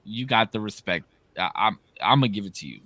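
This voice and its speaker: A man's voice: lowish voice, a little fast, dry recording. A man in his thirties, co-hosting a podcast and telling stories in casual, slangy, profane chat. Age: 30s. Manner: animated storyteller, slangy and profane. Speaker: podcast co-host.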